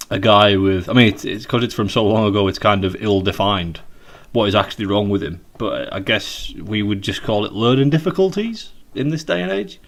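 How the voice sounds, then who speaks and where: Brief: British man, low-pitched voice, loose and rambling, swears freely, stop-start delivery. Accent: British English. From United Kingdom. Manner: rambling, sweary, with many fillers and restarts. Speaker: podcast co-host. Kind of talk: casual chat. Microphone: video call.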